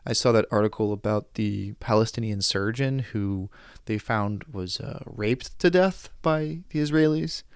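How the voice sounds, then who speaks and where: A young man with a lowish voice talks through a podcast monologue, recorded dry and close to the mic. He tells his story in an animated way, acting out the people he quotes and often restarting mid-sentence. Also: unhurried, smooth, no room sound. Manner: animated storytelling, quoting others, frustrated asides, frequent restarts. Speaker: podcast host. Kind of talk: casual monologue.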